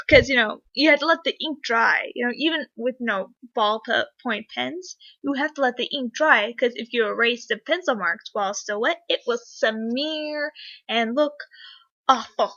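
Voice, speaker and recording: A young woman chats to her camera in a rambling, excitable way, leaning on fillers as she tells a story. Her voice is bright and a little high. The recording sounds dull and lo-fi. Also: normal speed. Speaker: vlogger. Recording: dull lo-fi webcam audio.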